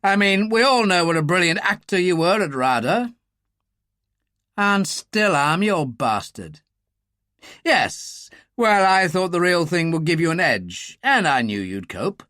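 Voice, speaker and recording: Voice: medium pitch, big pitch swings, unhurried, sharp tone, no echo, clean studio sound, pitched above the performer's own voice. An audiobook narrator voicing an older male brigadier, clipped and upper-class, dryly teasing. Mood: wry.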